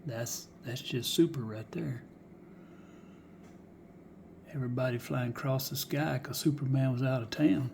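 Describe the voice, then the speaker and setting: Man, folksy show-and-tell, gravelly voice, half-whispered asides, faint hiss behind. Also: mid-range voice, normal speed, darkish tone. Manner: folksy, musing aloud, drops into whispers. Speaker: die-cast car collector showing finds. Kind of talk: casual show-and-tell vlog.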